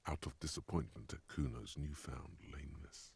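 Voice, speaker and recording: An actor voicing a measured inner-voice narrator in a video game. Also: male voice, very deep voice, darkish tone, breathy edge, heavily acted. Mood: narrating.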